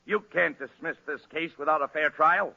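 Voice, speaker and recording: Straight man, raspy and tense, bossy; muffled old radio sound. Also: fairly high pitch, normal speed, pushed and bright. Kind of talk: 1940s radio comedy.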